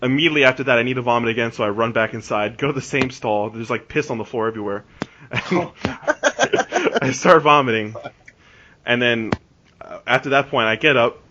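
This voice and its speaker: A man's voice: medium pitch, animated, normal speed, noisy background. A man in his twenties telling a long story on a podcast, rambling and restarting, full of "like". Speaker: podcast host. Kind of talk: casual storytelling. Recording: dull lo-fi podcast recording.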